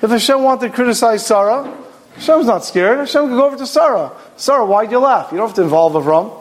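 Animated high-voiced male Torah teacher. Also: quick pace. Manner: animated storytelling, acts out quoted voices. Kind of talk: Torah class lecture.

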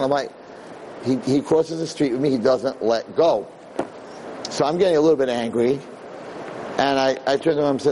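A man giving a Torah lecture as a lively, conversational story, acting out the quotes as he goes. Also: mid-range voice, fairly quick, slight background noise, rough recording. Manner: animated, conversational, acts out quotes.

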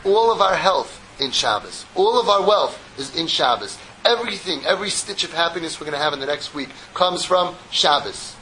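Animated rabbi telling a parable. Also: male voice, on the high side, normal speed, hardly any pauses, slight background noise, low-quality recording. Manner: animated storyteller, joking with listeners. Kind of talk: sermon with a parable.

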